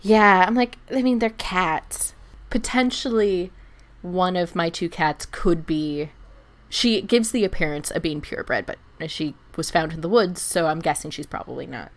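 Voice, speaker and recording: A woman co-hosting a podcast, telling an animated story in casual chat, acting out the people she quotes and laughing often. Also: lowish voice, measured pace. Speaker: podcast co-host.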